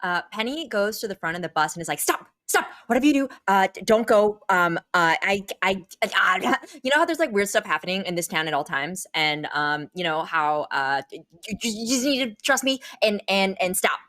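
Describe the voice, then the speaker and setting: A woman's voice: lowish voice, expressive, moderate pace, bright, forceful tone, dry recording, clean studio sound. A woman playing a tabletop role-play game, hesitant with many fillers and stammers. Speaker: player.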